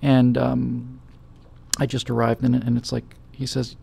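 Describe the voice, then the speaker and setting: Male host, middle-aged, very gravelly and husky, casual rambling chat. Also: mid-range voice, monotone, moderate pace, dark tone. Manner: rambling storytelling with many fillers. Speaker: show host. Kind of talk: casual talk-show chat.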